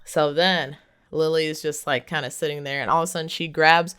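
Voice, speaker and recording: A movie reviewer walks through a plot in a loose, chatty way, with plenty of ums and likes and little chuckles. The voice is smooth and clear, sitting at an ordinary middle pitch. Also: steady tone, brisk, fairly bright tone. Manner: rambling, lots of fillers, chuckles often. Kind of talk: casual plot recap.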